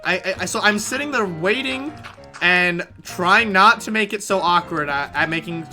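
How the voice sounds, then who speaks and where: A man live-streaming a game, telling a story in a casual, animated way, swearing freely and restarting mid-sentence. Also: high-pitched, normal speed, soft background music. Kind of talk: casual storytelling while gaming.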